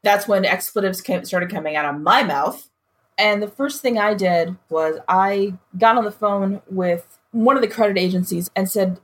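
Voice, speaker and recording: A woman's voice: medium pitch, measured pace. A woman recounting a personal ordeal in an interview, acting out what others said. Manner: expressive, acts out quoted voices.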